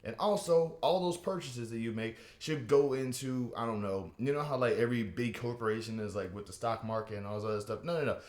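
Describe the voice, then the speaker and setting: A man doing a rambling, animated stand-up comedy rant, with many restarts and asides. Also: mid-range voice, fairly quick, few pauses, roomy sound.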